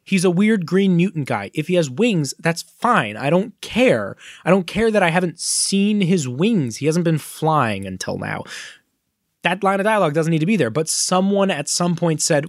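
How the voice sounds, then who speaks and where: A man co-hosting a podcast, chatting casually and explaining comic lore in an animated, nerdy way. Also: a little high, normal speed, no echo, studio quality. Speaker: podcast co-host. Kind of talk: casual chat.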